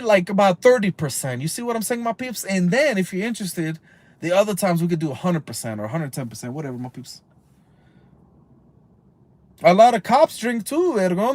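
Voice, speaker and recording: High-voiced, profane man. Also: sing-song, a little fast. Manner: profane, rambling, heated, peppered with Spanish slang. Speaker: livestream host. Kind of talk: casual live stream rant.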